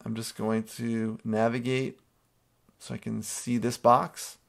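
A man's voice: mid-range voice, flat delivery, takes it slowly, gravelly. A male art teacher narrating a screen-recorded drawing tutorial, explaining each step patiently and checking in with students with a frequent "okay?".

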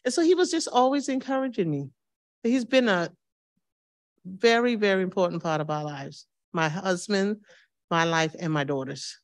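A woman's voice: lowish voice, lively intonation, normal speed. Woman in her fifties telling church stories. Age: 50s. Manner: warm storytelling, acts out dialogue with laughs. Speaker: church member sharing memories. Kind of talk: personal testimony at a reading circle.

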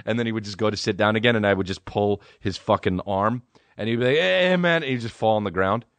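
A man's voice: on the low side, fairly even intonation, quick pace, dry recording. Profane, rambling male podcast host. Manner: rambling, profane, laid-back. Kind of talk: comedic storytelling monologue.

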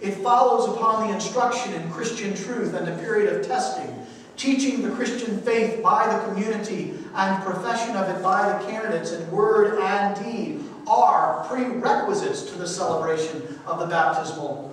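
A man's voice: high voice, moderate pace, fairly bright tone, a little hiss or hum. A male priest teaching a church education class, reading quotations aloud and putting questions to his listeners. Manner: reads quotes aloud, asks the class questions. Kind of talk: church adult-education lecture. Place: church hall. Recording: echoey hall, mic far off.

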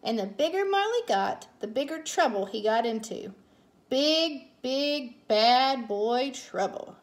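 Slow, high-voiced woman reading a storybook. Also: animated. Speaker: teacher reading a bedtime story. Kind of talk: children's read-aloud.

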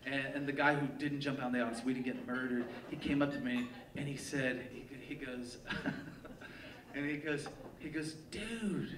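A man telling a personal story live on a theater stage, animated and profane, laughing at his own tale. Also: mid-range voice, moderate pace, noisy background. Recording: echoey live theater sound, mic from a distance. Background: audience laughter and room ambience.

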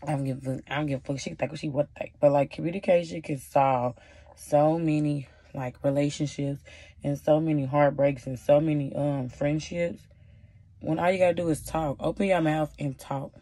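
A woman's voice: low voice, dark tone, dry recording. A woman in her twenties giving casual advice in a chatty, sassy vlog, talking straight to her viewers with plenty of slang. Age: 20s. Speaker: vlogger.

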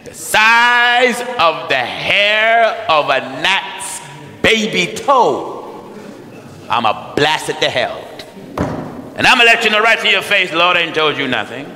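Animated American preacher man in an echoing hall. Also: high voice, slow pace. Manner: animated, folksy, mimics people with shouts and laughs. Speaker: pastor. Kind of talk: preaching sermon. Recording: echoey church hall, long reverb.

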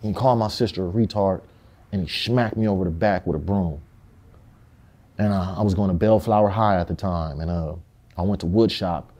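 Streetwise man with a dark voice. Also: low voice, moderate pace. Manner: streetwise, swears, quotes people in their voices. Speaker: interviewee. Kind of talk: candid storytelling interview.

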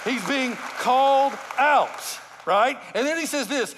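A man's voice: very high voice, measured pace, hardly any pauses, fairly bright tone, some chatter behind, slight background noise. A middle-aged man, a lead pastor preaching a sermon in a conversational, emphatic way, calling out to his congregation. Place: church sanctuary. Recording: long church hall reverb.

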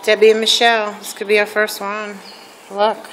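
A woman's voice: fairly high pitch, normal speed. A woman vlogging from an animal shelter, talking to the dogs in cooing baby talk. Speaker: vlogger visiting a dog shelter. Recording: noisy shelter with dogs barking. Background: dogs barking.

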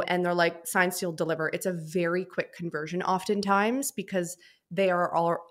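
A young adult woman with a fairly low voice, a business mentor appearing as a podcast guest, chats in an animated way during a casual interview. She slips into little character voices when telling anecdotes.

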